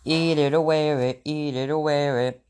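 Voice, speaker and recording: A man's voice: fairly high pitch, moderate pace, a little mellow, a little hiss or hum, pitched above the performer's own voice, close to an everyday voice. A man voicing a small, bossy toddler boy in a storybook, with a slightly raised, insistent child voice.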